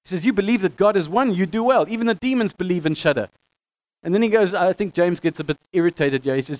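Male Bible teacher, higher-pitched voice, casual delivery with stammered restarts, punches up quoted verses. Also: fast talker. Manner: conversational, animated when reading quotes, some stammering restarts.

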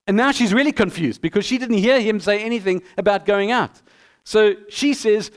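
Guy preaching a sermon, higher voice, super clear and smooth, does little back-and-forth skits. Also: fairly quick. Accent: non-local accent. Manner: animated preaching, acting out both sides of a dialogue. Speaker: pastor.

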